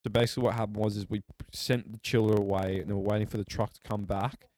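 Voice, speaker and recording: A young man telling a story in casual, animated chat. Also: fairly low pitch, fast, no echo.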